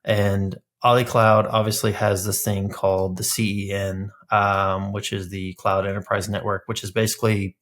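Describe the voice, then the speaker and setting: A man hosting a tech podcast, talking in an animated, casual way and swearing freely. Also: on the low side, normal speed, few pauses. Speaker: podcast host. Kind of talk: casual chat.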